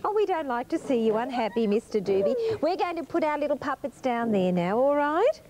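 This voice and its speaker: Speaking a little fast in a high, sing-song voice, a young Australian presenter of a 1980s kids' program coaxes and exclaims over small children in a gushing way. The 1980s studio recording carries music and crowd noise.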